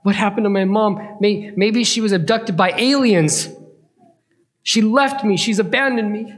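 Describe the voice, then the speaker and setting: A man's voice: high-pitched, expressive, unhurried, voice pushed up. A man voicing an anxious ten-year-old boy in a storybook tale, with a pleading, worried tone.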